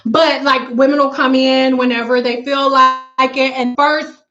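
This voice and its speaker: A woman's voice: sits high, fairly even intonation, unhurried, highs cut off. A woman hair stylist chatting casually on a live stream with viewers, talking in a blunt, frank and slangy way. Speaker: natural hair stylist and consultant.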